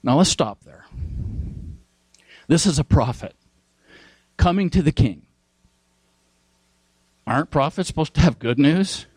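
A man's voice: on the high side, lively intonation, unhurried, long pauses, darkish tone, husky, dry recording, rough recording. A man preaching a sermon, emphatic, repeating key phrases and asking his listeners questions.

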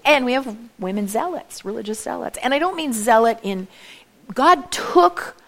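Chatty woman with a gravelly voice. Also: a little high, lively intonation, moderate pace, fairly bright tone. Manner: chatty, many asides and laughs; asks the audience direct questions. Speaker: speaker at a church event. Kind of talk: lively talk to a church audience.

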